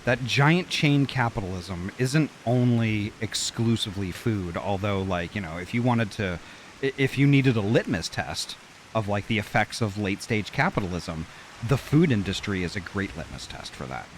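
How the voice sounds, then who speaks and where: A man's voice: lowish voice, lively intonation, moderate pace, a little hiss or hum. A man streaming a game and chatting casually, rambling with many fillers and restarts. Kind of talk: casual chat while gaming.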